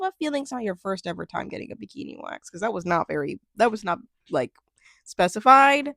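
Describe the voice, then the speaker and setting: A woman's voice: on the high side, very animated, fairly quick, creaky, a bit bright, no echo, clean studio sound. A young woman from Minnesota casually recapping a reality show, chatty and sarcastic, laughing often and trailing off mid-thought. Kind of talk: casual chat.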